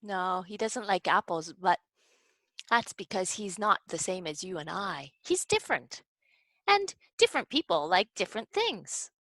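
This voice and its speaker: A woman hosting a children's library program, telling a story to young kids in an animated, coaxing way and asking them questions. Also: mid-range voice, a little slow, no room sound, low-quality recording. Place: at home.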